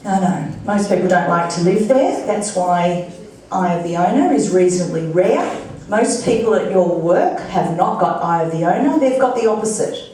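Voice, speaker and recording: A woman's voice: on the low side, expressive, moderate pace, darkish tone, a little hiss or hum. Brief: woman motivational speaker, chatty and playful, picked up from a distance in a very echoey function room. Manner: chatty, playful, rhetorical questions to the crowd. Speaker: guest speaker at a fundraising breakfast. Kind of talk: motivational speech to an audience. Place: large function room with an audience.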